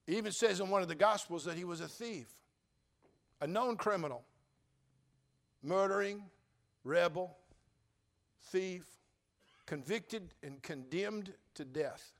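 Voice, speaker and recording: A man preaching a sermon as pastor, speaking straight to his congregation, repeating phrases and swinging from hushed lines to shouted ones. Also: high-pitched, a little slow, pauses often.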